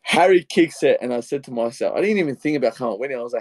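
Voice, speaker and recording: A young Australian man with an Australian accent, co-hosting a casual football podcast and telling a long, excitable story full of re-enacted quotes. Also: medium pitch, rapid-fire, no echo. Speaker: podcast co-host. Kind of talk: casual footy podcast chat.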